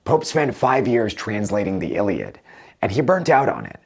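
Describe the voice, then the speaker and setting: A man with a low, slightly husky voice talks through literary translations like a patient teacher. His delivery is measured and thoughtful, with lively rises and falls in pitch. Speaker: video host reviewing book translations. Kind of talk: explanatory commentary with read-aloud passages.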